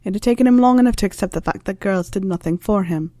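A woman narrating a story in a calm, even reading voice. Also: medium pitch, fast talker, no room sound.

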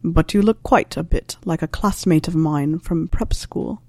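A woman gives voice to a stern, dry older male professor during a storybook reading, and her delivery is slow, clipped and measured. The voice is low and dark-toned, captured without any room sound.

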